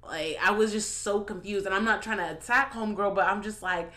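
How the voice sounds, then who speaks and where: A woman's voice: mid-range voice, brisk, bright, forceful tone. A woman hosting a podcast, chatting casually with lots of laughs, profanity and filler "like"s. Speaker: podcast host. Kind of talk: casual chat commentary.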